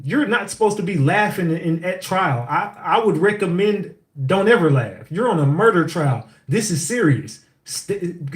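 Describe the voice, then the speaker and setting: A man co-hosting a casual talk, ranting bluntly and profanely as he scolds. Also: sits high. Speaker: co-host. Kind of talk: casual commentary. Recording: echoey room.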